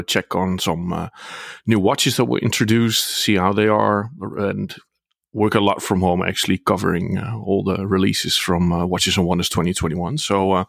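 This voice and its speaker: Male co-host from the Netherlands, low and gravelly, relaxed, dry close mic. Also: no room sound. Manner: relaxed, filler-heavy, good-humoured. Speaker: podcast co-host. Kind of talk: casual chat.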